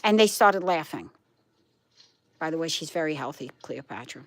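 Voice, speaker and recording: With a low voice, lively intonation, and moderate pace, a middle-aged Brooklyn-accented woman chats informally with her livestream viewers. She's from Brooklyn, New York, and she's emphatic, often repeating herself.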